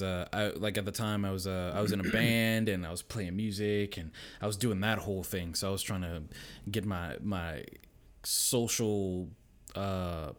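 A man in his thirties, a guest on a casual podcast, who rambles through animated stories full of restarts and acts out what others said. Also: sits low. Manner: rambling, with many restarts and fillers. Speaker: podcast guest, content creator.

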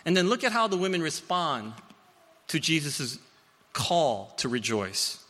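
A man preaching a sermon, telling stories with playful asides and swinging between loud and hushed. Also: a little high, measured pace, in a large hall. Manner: storytelling, animated, with playful asides.

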